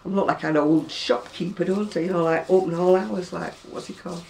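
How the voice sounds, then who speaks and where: A woman's voice: fairly low pitch, fairly even intonation, fairly quick, vocal fry, darkish tone. An older woman chatting casually to camera about her crochet, rambling and self-deprecating. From England. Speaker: crochet vlogger. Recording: distant mic with faint room noise.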